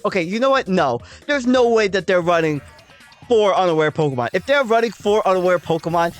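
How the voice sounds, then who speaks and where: A woman's voice: lowish voice, expressive, fairly quick, soft background music. Chatty woman narrating her game battle. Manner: chatty, talks through her thinking, frequent "um" and "like". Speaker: gaming channel host. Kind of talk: casual game battle commentary.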